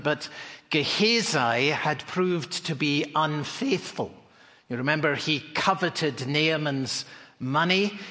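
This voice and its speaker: A man's voice: fairly high pitch, sharp tone, in a large hall. A man preaching an expository sermon, telling the story animatedly and posing rhetorical questions.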